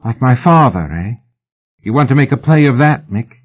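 A man voicing a sharp-tongued young Victorian woman in a raised, pert voice. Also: medium pitch, lively intonation, normal speed, slightly rough, voice pushed up. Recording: phone-like narrow band.

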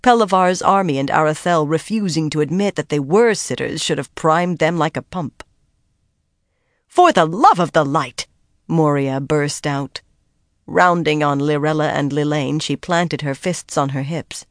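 An audiobook narrator giving steady, measured scripted narration of a fantasy story. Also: medium pitch, dry recording, studio quality.

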